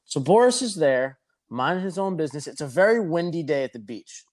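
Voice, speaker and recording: Profane storytelling man, slightly high voice. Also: lively intonation, a little fast, darkish tone. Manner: profane, rambling anecdotal delivery. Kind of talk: casual storytelling.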